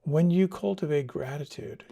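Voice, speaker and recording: A man giving a dharma talk as a meditation teacher, speaking in a gentle, reflective way. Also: fairly high pitch, moderate pace, gravelly. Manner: gentle, reflective, tells stories with quoted dialogue.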